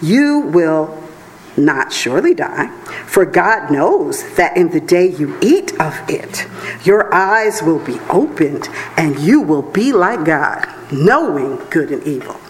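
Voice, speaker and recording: A sly serpent coaxes in a slow, lowered tone, as a woman preacher reads his words aloud. The voice drops below her usual pitch and keeps its persuasive, drawn-out pace. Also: very animated, slight background noise, heavily acted, rough recording. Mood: coaxing. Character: sly tempting serpent, male, smooth-talking.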